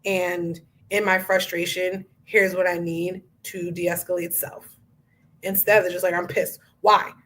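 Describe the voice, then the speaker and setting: A woman hosting a casual interview podcast, talking in an animated, chatty way and acting out inner voices with slang. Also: fairly low pitch, unhurried. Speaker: podcast host.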